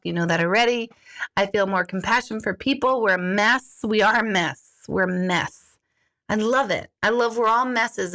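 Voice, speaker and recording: A woman's voice: medium pitch, fairly bright tone. A middle-aged woman, a life coach, talking candidly on a live stream, mocking herself and swearing freely. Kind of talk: casual live-stream monologue.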